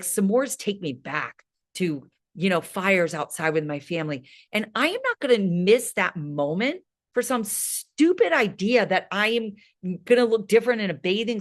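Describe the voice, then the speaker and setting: Late-50s woman, fitness coach, energetic motivational pep talk, emphatic. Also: mid-range voice. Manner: energetic, emphatic, frequent "right?" tags.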